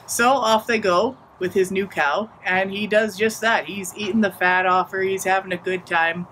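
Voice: mid-range voice, normal speed, slight background noise, poor audio. Playful casual folktale storyteller. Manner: relaxed and playful, modern slang.

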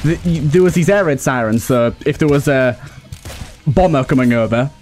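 A man's voice: medium pitch, moderate pace, darkish tone, soft background music. A young British man narrating a game while rambling through a funny story, chuckling often, with many fillers and some swearing. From United Kingdom. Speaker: let's play host. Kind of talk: casual gameplay commentary and storytelling.

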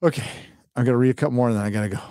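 A man's voice: medium pitch, racing, mellow, no echo, clean studio sound. A tired man hosting a late-night live stream, reading out donation messages in a sarcastic, mocking way and laughing as he goes.

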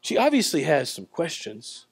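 A man preaching a sermon at a church service, telling the story in a conversational way and swinging between loud, emphatic lines and quiet ones. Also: a little high, wildly swooping pitch, normal speed, creaky, husky, dry recording. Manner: conversational storytelling with acted-out voices. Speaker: pastor.

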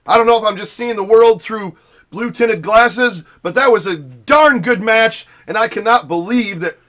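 A man hosting a gaming channel, giving casual, excitable commentary on a wrestling match. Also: sits high, normal speed. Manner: excitable, exclaims often. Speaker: host.

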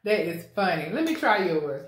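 A woman's voice: on the low side, big pitch swings. A woman hosting a casual eating show, playful and laughing. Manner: playful, laughing, drawn-out mmm sounds while eating. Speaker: mukbang host. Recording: echoey room.

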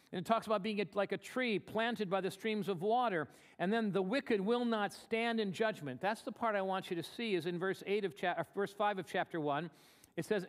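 A man pastor preaching a live church sermon, earnest, slowing down to read scripture aloud. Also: high-pitched. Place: church sanctuary. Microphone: live broadcast.

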